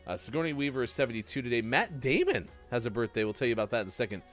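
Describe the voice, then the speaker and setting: Lively, joking male morning show host. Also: mid-range voice, very fast, faint music behind. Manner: lively, joking, rambling delivery. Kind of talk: casual live-stream radio chat.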